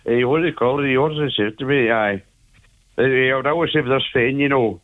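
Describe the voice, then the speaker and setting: A man's voice: mid-range voice, fairly quick. An older man with a Donegal Irish accent, reminiscing casually as a guest and rambling along with plenty of fillers. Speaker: guest remembering his father. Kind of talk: casual storytelling on a radio phone-in. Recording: tinny phone line.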